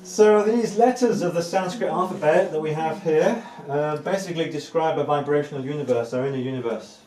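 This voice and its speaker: A spiritual teacher gives a live evening talk to a group in an indoor room, speaking earnestly, repeating words for emphasis and laughing lightly now and then. His voice is fairly high and darkish, with a steady tone and a fairly quick pace. The distant mic leaves him off-mic in an echoey room with faint ambient noise.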